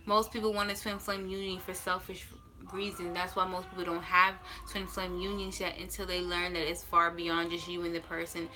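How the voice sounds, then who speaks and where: A woman's voice: fairly low pitch, level tone, bright, forceful tone, low-quality recording. A woman tarot reader talking casually on a livestream, blunt and reassuring, swearing freely and stretching out her key words for emphasis. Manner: emphatic, drawn-out stresses.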